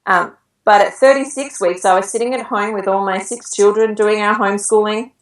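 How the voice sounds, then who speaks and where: A woman's voice: mid-range voice, fairly even intonation, brisk, recorded from a distance. A woman in her thirties, a podcast guest, telling a personal story in a chatty way and laughing now and then. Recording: roomy echo, set back from the mic.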